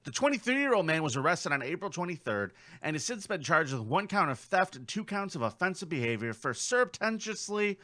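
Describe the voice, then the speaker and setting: Brief: profane male comedy co-host, deadpan, high bright voice. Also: a little fast, hardly any pauses. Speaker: podcast co-host. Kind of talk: casual comedy chat.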